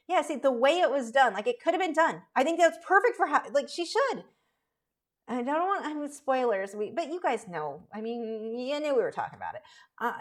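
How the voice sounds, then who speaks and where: Chatty woman hosting a painting stream. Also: high voice. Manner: chatty, rambling, answers viewer questions. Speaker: art instructor. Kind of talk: live painting stream chat.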